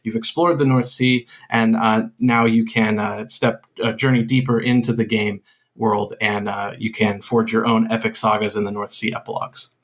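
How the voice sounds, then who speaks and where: A man, a game designer appearing as a podcast guest, talking hesitantly with many pauses and restarts. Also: on the low side, flat delivery. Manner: hesitant, full of uhs and restarts. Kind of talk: casual interview chat.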